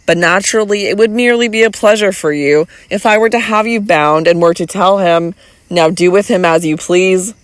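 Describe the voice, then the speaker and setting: An audiobook reader voicing an imperious, teasing young noblewoman who speaks calmly and with control. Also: medium pitch, moderate pace, no echo, close to an everyday voice. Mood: cold. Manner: cool and commanding, then playful. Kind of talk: audiobook reading.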